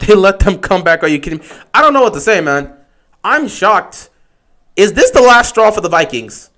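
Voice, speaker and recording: A high-voiced man hosts a live football watch-along stream at normal speed, excitably shouting at big plays and then muttering.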